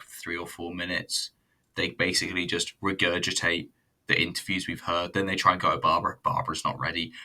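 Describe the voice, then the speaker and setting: A man's voice: sits low, sharp tone. A man reviewing a wrestling show in casual, rambling commentary, blunt and sweary. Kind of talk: casual commentary over footage.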